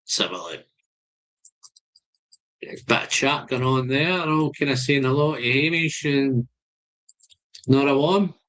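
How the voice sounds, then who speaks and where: A man's voice: medium pitch, slow, pauses often, a bit bright. A Scottish man hosting a live stream, chatting casually and greeting viewers by name. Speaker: whisky channel host.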